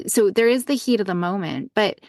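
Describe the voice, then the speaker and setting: A woman's voice: medium pitch, lively intonation, brisk, darkish tone, dry recording, clean studio sound. A woman co-hosting a parenting podcast, talking in a casual, rambling way and often restarting her sentences. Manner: chatty, trails off and restarts often. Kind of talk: casual conversational chat.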